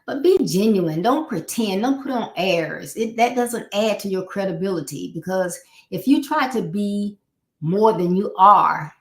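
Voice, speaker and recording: A life coach from Florida gives a motivational live talk in a conversational style, repeating her key points and acting out the people she quotes. Her medium-pitched voice is expressive and a little slow, recorded in an echoey room.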